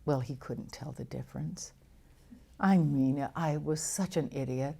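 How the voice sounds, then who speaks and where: An older actress telling lively stories in an interview, with frequent laughs and restarts. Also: female voice, low voice, unhurried, vocal fry, breathy edge. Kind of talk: storytelling interview.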